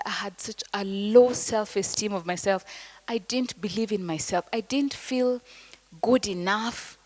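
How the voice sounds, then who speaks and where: Kenyan-accented woman for a motivational speech: mid-pitched, emphatic, slow deliberate phrasing with whispered asides, recorded with long hall reverb. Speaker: motivational speaker. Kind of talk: inspirational speech to an audience.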